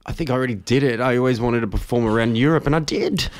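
A man's voice: medium pitch, fast talker. A man co-hosting a casual chat, a comedian telling rambling self-mocking anecdotes. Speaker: podcast co-host, comedian.

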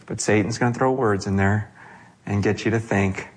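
A middle-aged man preaching a sermon, animated, his delivery swinging from hushed lines to raised, quick ones. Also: lowish voice, breathy edge. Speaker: pastor.

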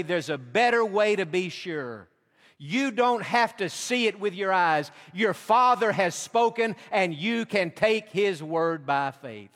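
A man preaching a sermon, emphatic and slowing down for quoted verses. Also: high voice, fairly bright tone, in a large hall. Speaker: pastor.

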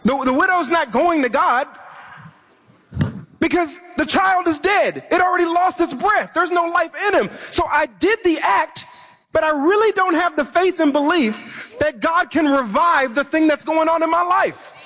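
A man's voice: very high voice, moderate pace, pushed and bright. A young man preaching a sermon, impassioned, at times acting out frustrated pleas to God. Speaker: pastor. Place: church sanctuary. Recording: long reverb of a large hall.

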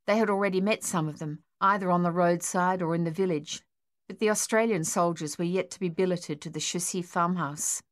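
In a measured, even storytelling style, a woman narrates a novel as an audiobook. Her voice sits on the low side, and the reading is scripted.

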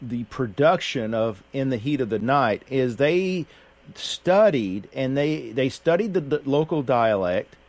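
A man's voice: medium pitch, animated, a little mellow. Folksy mountain man on radio. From Appalachian Kentucky. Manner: unhurried, folksy, many fillers and restarts. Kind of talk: casual radio chat.

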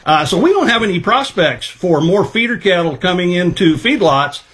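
A middle-aged man with a slightly higher voice gives a guest interview. He talks in a measured, thoughtful way, pausing and working out each point aloud with plenty of fillers. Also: big pitch swings, a bit bright. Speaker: livestock marketing specialist guest. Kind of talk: casual interview answers.

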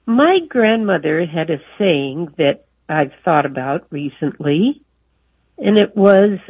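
A woman's voice: on the low side, expressive, husky, no room sound. Older woman caller on a tinny phone line. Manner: slow, friendly storytelling. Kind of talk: phone call to a radio show.

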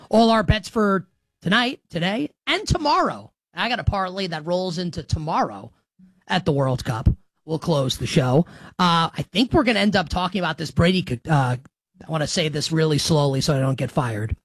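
A man hosting a sports betting talk show on the radio, energetic, joking and fast-talking. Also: on the high side, no echo, faint music behind. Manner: energetic, jokey, quick-talking.

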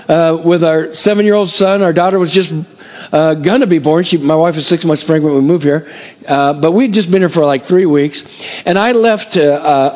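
Male pastor in church, voice on the higher side; energetic, emphatic preaching that slows down to stress key points. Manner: animated, counts up the years like an auctioneer. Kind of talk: sermon.

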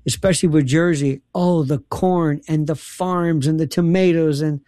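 A woman's voice: low voice, normal speed, no room sound, studio quality. A woman telling a funny story in casual chat, laughing and acting out quotes with lots of energy. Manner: animated, laughing, dramatic quoted voices. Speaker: radio host guest.

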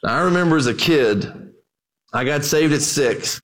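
A male pastor delivering a sermon in a relaxed, conversational storytelling style. He talks straight to the listeners, calling them "guys," in a slightly high voice. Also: moderate pace.

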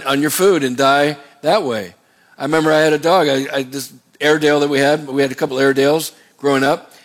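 A middle-aged man preaching a sermon as a pastor, in a conversational way with rambling asides. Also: on the high side.

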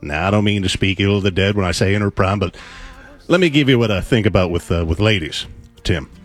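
A man's voice: deep voice, quick pace, faint music behind, natural voice. A man doing a comedy impression of a brash older football team owner, drawling folksy crude boasts on sports radio. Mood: boastful.

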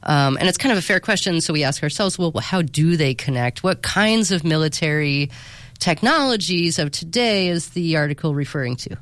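A man co-hosting a history podcast, chatty and quick to chime in. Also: fairly high pitch, animated, fairly bright tone, no room sound. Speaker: podcast co-host. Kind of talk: semi-scripted history podcast.

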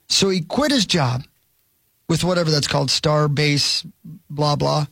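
A man's voice: fairly high pitch, moderate pace, vocal fry, a bit bright, slightly rough, no echo, studio quality. A man co-hosting a sports talk show, telling a rambling story and poking fun at himself. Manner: rambling storyteller, self-mocking. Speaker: radio show co-host.

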